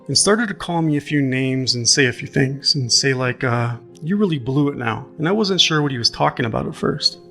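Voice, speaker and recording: A man reading out the testimony of a young woman witness, in a halting manner with many fillers. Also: mid-range voice, expressive, gravelly, pushed and bright, soft background music. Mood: shaken. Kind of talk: reading a courtroom transcript aloud.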